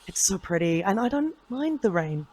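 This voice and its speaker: A woman's voice: mid-range voice, big pitch swings, moderate pace, warm tone, poor audio. A woman with an English accent, a voice actor chatting in a casual convention interview, bubbly and laughing often. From England. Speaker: voice actor guest.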